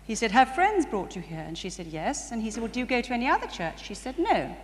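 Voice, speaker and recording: At a church conference, a woman with a fairly high voice tells testimony stories in sermon style. She is animated, laughs often, and rises to bursts of excitement, heard from a distance in a reverberant hall with faint ambient noise.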